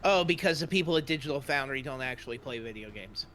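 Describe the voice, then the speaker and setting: A man's voice: mid-range voice, animated, fast, a bit bright, a little hiss or hum. A man co-hosting a casual gaming stream, sarcastic and wordy, often restarting his sentences. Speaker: co-host playing the game.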